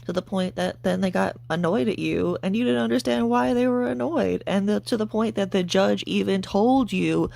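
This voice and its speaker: A woman's voice: mid-range voice, normal speed, hardly any pauses, dark tone, no echo. A woman hosting a commentary rant, mocking and profane, with a sarcastic edge. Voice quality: gravelly vocal fry. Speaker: commentary channel host.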